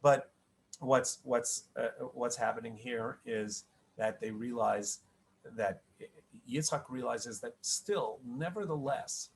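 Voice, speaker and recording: A man's voice: medium pitch, takes it slowly, vocal fry. Middle-aged rabbi guy teaching the weekly portion, chatty, keeps restarting and saying right?, bit of faint background noise. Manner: conversational, with frequent restarts and repeated "right?". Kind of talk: spoken Torah lesson.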